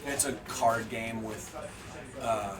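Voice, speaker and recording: A man's voice: lowish voice, fairly even intonation, takes it slowly. A man chatting casually at a tabletop game session, rambling through a story with many fillers. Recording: distant mic, loud table chatter.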